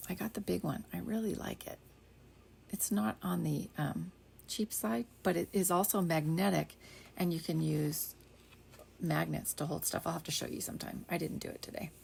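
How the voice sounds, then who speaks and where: An older woman chatting casually while she demonstrates card making at her craft desk, rambling along and dropping into soft half-whispered asides. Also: lowish voice, steady tone, normal speed, gravelly, slight background noise. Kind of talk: casual crafting tutorial chat.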